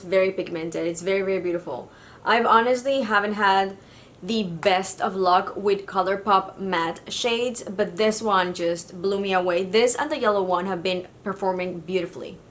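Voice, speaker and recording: A woman's voice: medium pitch, moderate pace, slight background noise. A woman from Mexico, a beauty vlogger, chatting casually through a makeup tutorial with easy fillers.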